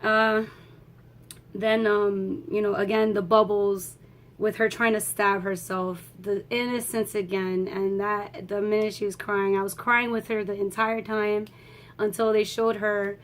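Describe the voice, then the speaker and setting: A young woman giving a rambling, excitable movie review, swearing freely and talking in a casual way. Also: medium pitch, unhurried.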